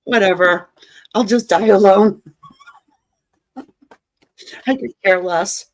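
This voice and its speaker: A woman's voice: medium pitch, takes it slowly, dry recording, low-quality recording. A woman giving a casual tarot reading, joking and sarcastic, swearing and laughing often. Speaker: tarot reader.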